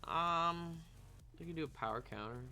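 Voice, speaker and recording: A man's voice: on the high side, moderate pace, bright, forceful tone, faint music behind. A man streaming a game, casually commenting on his moves and laughing often as he reacts to chat.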